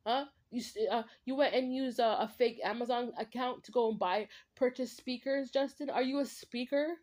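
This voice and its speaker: A woman's voice: on the high side, darkish tone. A woman vlogger in a confrontational, repetitive rant, talking straight at an absent man. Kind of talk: ranting monologue to camera.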